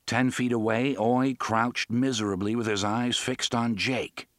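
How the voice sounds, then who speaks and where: A man narrating an audiobook in a measured, dramatic storytelling manner. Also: mid-range voice, steady tone, fairly bright tone, dry recording, studio quality.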